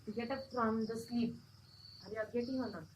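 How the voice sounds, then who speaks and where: Brief: Indian-accented woman teacher, fairly high pitch, patient, repeats and quizzes the class. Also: steady tone, moderate pace, muffled recording, slight background noise. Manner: repetitive, checks understanding with questions. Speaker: schoolteacher. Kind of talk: English lesson story reading.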